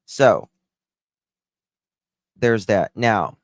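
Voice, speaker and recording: A man's voice: lowish voice, lively intonation, extremely slow, no echo, studio quality. A middle-aged man giving casual true-crime commentary to a live chat, blunt and sarcastic, brushing off claims he finds weak.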